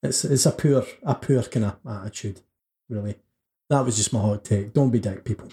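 A man's voice: on the low side, normal speed, warm tone. A man hosting a wrestling podcast, chatting casually and joking and laughing often. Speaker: podcast host. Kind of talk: casual chat.

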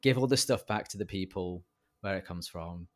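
A man's voice: sits low, moderate pace. A man in casual, rambling chat, joking and laughing often. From Britain.

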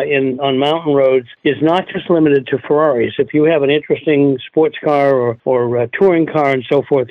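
An older man calls in as a guest, his voice fairly high and squeezed through a thin phone line. He talks in halting stretches, full of fillers and restarts. The sound is dry and close. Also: no room sound. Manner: hesitant, many fillers and restarts. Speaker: guest, car show director. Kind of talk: phone-in radio interview.

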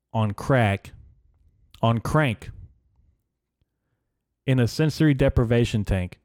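Here a young man rambles through a sarcastic, profane rant on his solo podcast, sitting close to a studio mic. The voice is mid-range and warm, with no echo.

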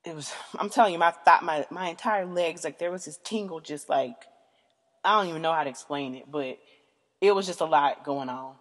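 A podcast host speaks in a low, brisk voice through a casual, candid monologue, rambling frankly with plenty of fillers and swearing. The recording carries a long hall reverb.

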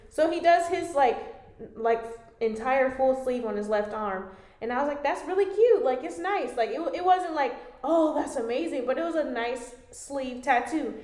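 A woman's voice: high voice, darkish tone. A young woman co-hosting a podcast, casually telling a story and swearing freely. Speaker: podcast co-host. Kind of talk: casual chat. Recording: echoey room.

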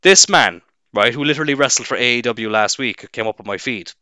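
A man's voice: mid-range voice, fast, bright, forceful tone, clean tone, no echo, studio quality. A young Irish man, a wrestling referee, in a casual, sarcastic and profane rant to camera. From Ireland.

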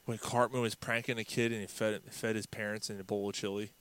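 A man's voice: fairly low pitch, little pitch movement, fast talker, fairly bright tone, a little hiss or hum. A man co-hosting a podcast, chatting casually in a profane, rambling, digressive way. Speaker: podcast co-host. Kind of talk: casual chat.

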